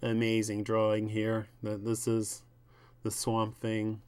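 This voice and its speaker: A man reading aloud from a comic and commenting on it in a slow, musing way. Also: lowish voice, monotone, darkish tone, smooth. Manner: slow, musing, with ums and asides. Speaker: comics reviewer.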